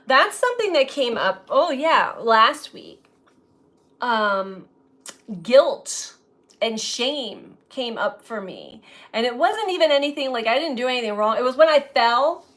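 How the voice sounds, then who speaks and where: A woman tarot reader reflecting aloud in a slow, musing way, often breaking into light laughter. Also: fairly high pitch, very animated, a bit bright. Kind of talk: spiritual reflection to camera.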